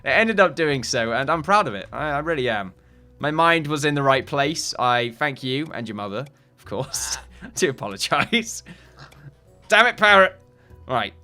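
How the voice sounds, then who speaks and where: A man's voice: medium pitch, lively intonation, normal speed, sharp tone, soft background music. A man hosting a let's play, rambling and joking at his own expense in casual commentary. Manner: rambling, self-mocking, jokey. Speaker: gaming channel host.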